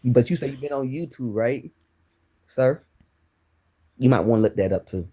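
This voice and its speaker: A man's voice: mid-range voice, normal speed, dark tone. A man calling in to a live stream, talking casually and brushing points aside. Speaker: caller.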